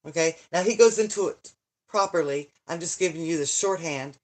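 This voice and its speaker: A woman's voice: fairly low pitch, normal speed, a little mellow. An older woman, a channel host who reads books aloud, chatting casually and rambling, interrupting herself and sighing over a tedious book. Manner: rambling, self-interrupting, dramatic sighs and complaints. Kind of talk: casual live chat and reading.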